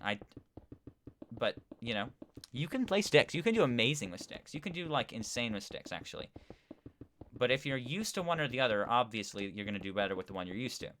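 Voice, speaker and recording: A man's voice: medium pitch, sharp tone, slight background noise. A man live-streaming a game in a casual, rambling way, reading viewer chat aloud as he plays. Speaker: gaming streamer.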